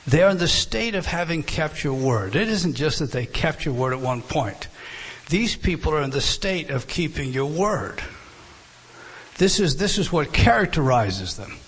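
Husky man teaching scripture. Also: a little high. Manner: animated, repeats and restarts phrases. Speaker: preacher. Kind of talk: expository Bible teaching.

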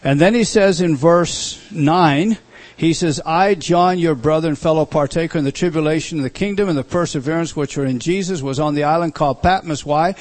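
A middle-aged man leads a Bible study lecture in a slightly raised voice. He talks slowly and deliberately and doubles up his words to stress a point. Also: on the high side. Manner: slow, deliberate, repeats words for emphasis. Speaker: Bible teacher.

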